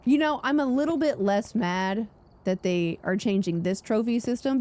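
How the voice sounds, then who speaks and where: A young woman narrating her gameplay with breathless, gushing excitement, her voice jumping up into squeals and gasps. The tone underneath stays mellow and soft rather than bright. She talks like a longtime streamer showing off to her viewers. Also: a little high, normal speed. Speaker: gaming streamer.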